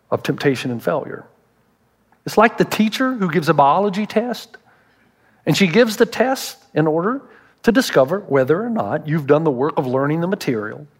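A man's voice: a little high, husky. A man preaching a sermon as a pastor, telling stories and acting out the voices of the people he quotes. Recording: reverberant hall.

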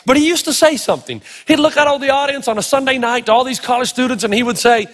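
Preaching in a large hall whose reverb lingers long, a middle-aged pastor tells stories in a lively, playful sermon. His voice is remarkably high, and he talks fast with few pauses.

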